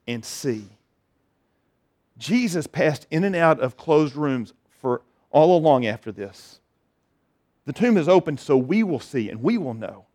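Guy preaching a sermon, high voice, chatty, keeps restarting and hitting words hard. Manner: conversational preaching with repeated restarts and emphatic phrases. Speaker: pastor.

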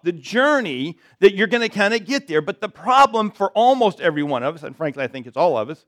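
A pastor preaches a sermon to his congregation at a church service, his voice sitting high with a fairly bright tone. He's conversational and self-deprecating, often checking in with "right?".

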